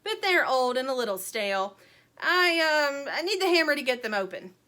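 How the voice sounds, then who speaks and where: A woman reading aloud voices a shifty, grumpy male squirrel who calls out loudly and stammers as he dodges questions. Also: sits high, sing-song, moderate pace, voice pushed up, heavily acted.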